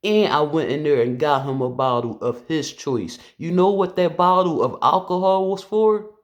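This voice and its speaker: A man's voice: a little high, moderate pace, muffled recording. A man who works as a police officer, telling a personal story to camera in an earnest, conversational way with loose phrasing and restarts.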